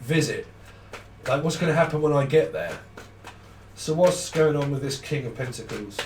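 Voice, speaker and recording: Man, tarot reader, casual rambling talk, swears a lot, laughs often, fairly high voice, echoey room, away from the mic. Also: moderate pace, recorded from a distance, background noise. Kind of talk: casual unscripted tarot reading. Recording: roomy sound from off the mic.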